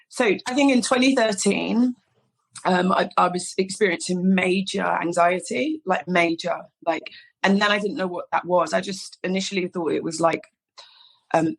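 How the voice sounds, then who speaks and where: A woman's voice: fairly low pitch, moderate pace. A woman, a podcast guest telling a personal story in casual chat, acting out the dialogue. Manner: animated storyteller, acts out quoted dialogue, many "like"s. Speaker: podcast guest, hairstylist founder.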